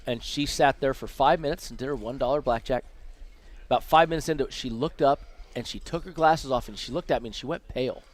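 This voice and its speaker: A man from Las Vegas telling lively anecdotes as a dinner guest, acting out the people he quotes, in a casino restaurant. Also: medium pitch, fast talker. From Las Vegas, USA. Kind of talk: casual storytelling over dinner.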